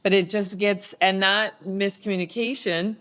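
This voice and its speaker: A woman co-hosting a casual podcast speaks at a mid pitch. She tells stories in a loose, chatty way and laughs easily between thoughts. Her delivery stays conversational and unforced. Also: fairly even intonation, moderate pace, fairly bright tone. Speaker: podcast co-host. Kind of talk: casual interview talk.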